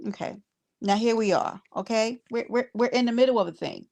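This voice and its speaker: Blunt gravelly-voiced woman streamer. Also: a little high, brisk, a little mellow. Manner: blunt and exasperated, cursing freely. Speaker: livestream host reading chat. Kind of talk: casual livestream commentary to viewers.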